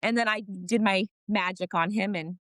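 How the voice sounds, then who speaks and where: A woman's voice: mid-range voice, moderate pace, a bit bright, no room sound, clean studio sound. Candid woman telling family stories. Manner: emotional storytelling, frank with mild swearing. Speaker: podcast guest, wellness practitioner. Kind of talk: casual interview chat.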